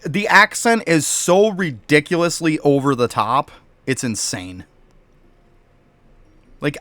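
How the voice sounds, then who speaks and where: A man's voice: a little high, a bit bright, no echo. A man from New York State ranting bluntly and profanely while chatting live with his stream viewers. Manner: blunt, profane, rambling rants.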